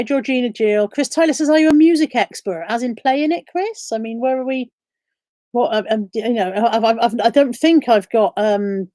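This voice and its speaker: A woman's voice: a little high, a little mellow, dry recording, studio quality. A woman hosting a casual live stream, reading viewer comments and questions aloud and answering them.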